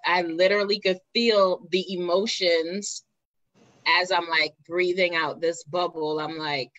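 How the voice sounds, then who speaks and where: Reflective woman host, bright dry voice. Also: fairly low pitch, fairly even intonation, no room sound, lo-fi sound. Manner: reflective, halting, with fillers. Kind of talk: live interview conversation.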